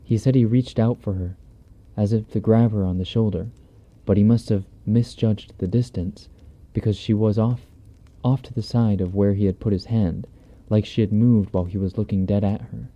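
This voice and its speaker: A man with a low, very dark, mellow voice reads a horror story in an easygoing, swear-laden, conversational manner. He sits close to a binaural mic, and the stream audio sounds a little dull and lo-fi. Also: steady tone, normal speed. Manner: laid-back, profane, conversational delivery. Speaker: streamer reading horror stories. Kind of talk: casual horror story reading. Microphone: binaural dummy-head mic.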